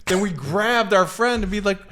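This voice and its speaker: A man's voice: high-pitched, normal speed, bright, forceful tone. A man co-hosting a podcast in casual chat, telling stories with plenty of laughter and swearing. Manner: laughing, profane storyteller. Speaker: podcast co-host.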